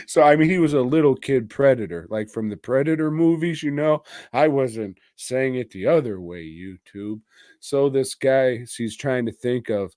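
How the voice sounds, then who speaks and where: A man co-hosting a podcast, casually rambling through a movie plot with crude jokes, laughter and quick impressions of the characters. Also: mid-range voice, lively intonation, warm tone, dry recording, clean studio sound. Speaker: podcast co-host. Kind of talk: casual movie review chat.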